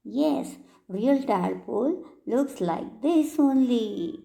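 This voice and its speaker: Woman teacher, middle-aged, unhurried, slightly high voice, sing-song questions to a class. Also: expressive, gravelly, warm tone. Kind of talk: explaining a poem to children.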